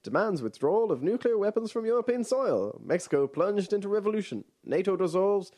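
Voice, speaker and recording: A man voicing an old-timey male radio newsreader who reads out bulletins in clipped headlines, his voice pitched well above his own. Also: big pitch swings, brisk, dark tone. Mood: announcing.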